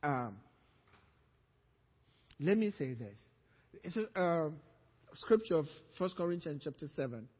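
A high-pitched man preaching slowly, his voice swinging from loud, urgent calls down to hushed, low lines. He sounds like he is in a church hall, with a long echo hanging after each phrase. The recording is dull and lo-fi. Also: big pitch swings. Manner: preaching that surges to loud emphatic calls, then drops low and quiet. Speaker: pastor. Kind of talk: sermon.

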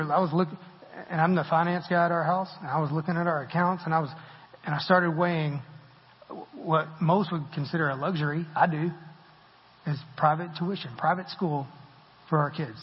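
Male preacher, casual and self-deprecating; husky tone, muffled hall recording. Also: on the high side, fairly even intonation, normal speed, pauses often. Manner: conversational and self-deprecating, laughs often. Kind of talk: sermon. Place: church sanctuary. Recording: muffled audio with long hall reverb.

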